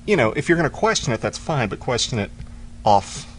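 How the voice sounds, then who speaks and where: A man's voice: medium pitch, sing-song, brisk, a little hiss or hum. Opinionated man on a movie podcast. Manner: opinionated, emphatic agreement. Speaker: podcast co-host. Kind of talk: casual movie review chat.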